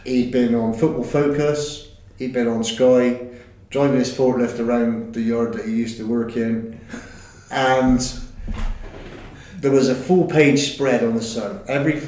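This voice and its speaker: Middle-aged man, animated storyteller who chuckles through his anecdotes, mid-range voice, echoey room. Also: medium pitch, measured pace. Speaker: guest recounting football days. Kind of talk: anecdote-telling chat.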